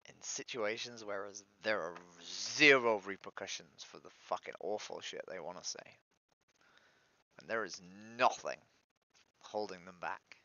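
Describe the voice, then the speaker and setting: Weary, gravelly-voiced man venting on stream. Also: lowish voice, measured pace, sharp tone, dry recording, muffled recording. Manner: despondent venting, swearing, trailing into mutters. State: upset and weary. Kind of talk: frustrated livestream monologue.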